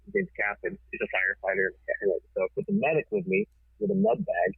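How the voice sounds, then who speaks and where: A forceful man tells a wild story with casual swearing. His voice is low and husky and sounds tinny, as if over a phone line. The sound is dry and close. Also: very animated, quick pace, dry recording. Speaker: TV producer, podcast guest.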